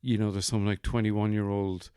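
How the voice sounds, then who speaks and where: Low-voiced, joking male podcast host. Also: little pitch movement, normal speed, dark tone, clear, resonant tone, no echo, clean studio sound. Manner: playful, joking asides. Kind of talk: casual chat. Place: bedroom.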